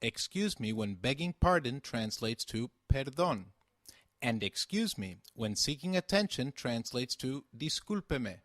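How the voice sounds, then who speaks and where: A man teaching a beginner language lesson, speaking slowly and carefully enunciating each word, with patient prompts and praise. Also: medium pitch, very animated, a bit bright, no echo, clean studio sound.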